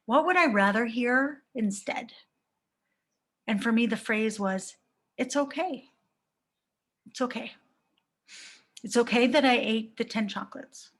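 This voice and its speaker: A woman in her thirties, a life coach giving a reflective live talk to viewers and asking many rhetorical questions. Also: fairly high pitch.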